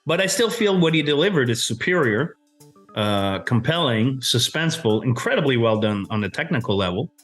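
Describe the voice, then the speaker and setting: A man's voice: mid-range voice, expressive, normal speed, fairly bright tone. A man argues his side in a loose, casual debate. He is emphatic, blunt and swears freely, in an ordinary mid-range voice. Faint music plays underneath. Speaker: co-host debating a film.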